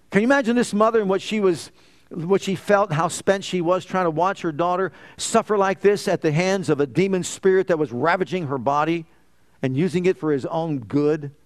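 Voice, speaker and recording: Fervent high-voiced male preacher. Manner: rising to fervent emphatic declarations, dropping to soft hushed lines. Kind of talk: sermon.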